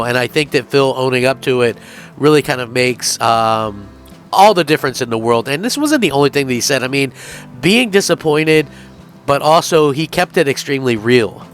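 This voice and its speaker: A man's voice: medium pitch, a bit bright. A man hosting a gaming channel, giving earnest, emphatic news commentary straight to his viewers.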